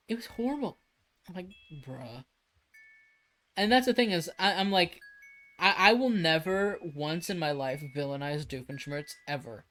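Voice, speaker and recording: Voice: medium pitch, fairly bright tone. A livestreamer chatting casually, rambling and emphatic with frequent restarts and swearing.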